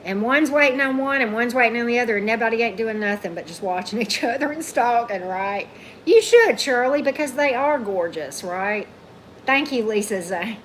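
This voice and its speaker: Hoarse chatty woman with a twang. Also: expressive, normal speed, a little hiss or hum. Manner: chatty, reads out comments, calls her dog in a high coaxing voice. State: going hoarse. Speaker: tarot reader hosting a livestream. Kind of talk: casual live chat with viewers. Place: indoors at a table at home.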